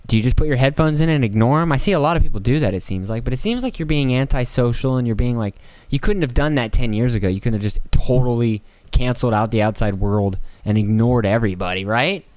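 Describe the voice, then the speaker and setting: A man's voice: mid-range voice, fast, darkish tone. A man hosting a podcast, talking in a rambling, profane, casual monologue that wanders and interrupts itself. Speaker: podcast host.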